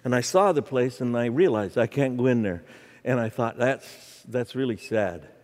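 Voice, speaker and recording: A man's voice: medium pitch, moderate pace. A middle-aged man preaching a humorous sermon in a church, telling stories and joking with the audience. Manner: storytelling, animated, jokes with the audience. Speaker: guest preacher. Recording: church hall reverb.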